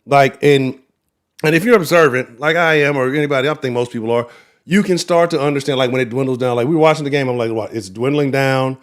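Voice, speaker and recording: A man hosting a live sports talk show, giving profane, animated, trash-talking commentary. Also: medium pitch, fast talker. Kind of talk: casual livestream sports commentary.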